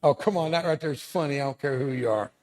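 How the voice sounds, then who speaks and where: A man's voice: medium pitch, fast talker, a little mellow. A man in his seventies, a veteran guest speaker telling stories to students in a school hall, full of self-deprecating jokes. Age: 70s. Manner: joking, self-deprecating storyteller. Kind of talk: storytelling speech to students.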